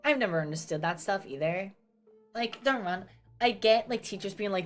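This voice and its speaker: A woman's voice: medium pitch, normal speed, faint music behind. A young woman from New Jersey chatting casually as a streamer, ranting and swearing with self-mocking asides. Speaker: VTuber streamer.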